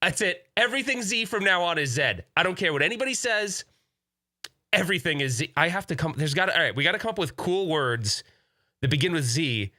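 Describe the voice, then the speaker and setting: A man's voice: fairly high pitch, expressive, brisk, pushed and bright, no room sound, studio quality. A man hosting a casual podcast, talking in an enthusiastic, rambling way with many restarts. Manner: rambling, self-interrupting, enthusiastic. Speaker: podcast host.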